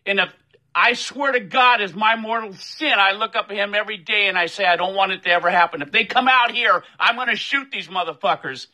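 A man rants in open fury, cursing at nearly every turn and demanding that his followers spread his message. His voice sits high for a man and cuts with a hard, piercing edge. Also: brisk, rough recording. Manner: furious, swearing, shouting demands. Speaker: social media poster. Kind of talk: angry profane rant to camera.

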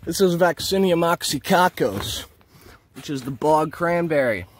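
A man's voice: on the high side, expressive, measured pace, slight background noise. Enthusiastic man on a bog walk. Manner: enthusiastic, rambling, marvels aloud at plants. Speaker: nature vlogger. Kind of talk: walking plant tour. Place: outdoors in a peat bog. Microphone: handheld camera he is filming with.

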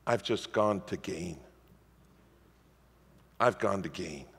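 Male preacher with a gravelly edge, animated storyteller, heard in a reverberant church hall. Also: low-pitched, slow pace. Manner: lively storytelling preacher, animated swings in loudness. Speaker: pastor. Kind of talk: sermon.

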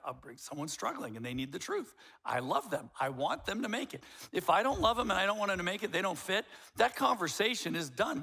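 A man's voice: sits high, pushed and bright, breathy edge. A man in his fifties preaching a sermon as a pastor, blunt and emphatic, with wry jokes.

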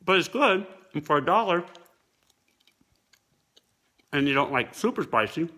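A man casually reviewing fast food on camera, tasting and commenting between bites. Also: on the high side, very animated, sharp tone.

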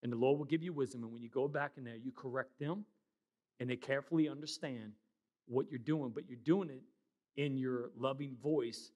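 A middle-aged man preaching a sermon as pastor, loud and emphatic with quieter asides. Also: mid-range voice, moderate pace, muffled recording.

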